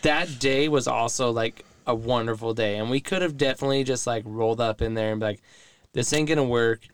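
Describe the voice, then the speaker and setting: A man's voice: medium pitch, steady tone, fairly quick, smooth. Supportive, reflective man co-hosting. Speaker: podcast co-host. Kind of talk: casual conversational podcast.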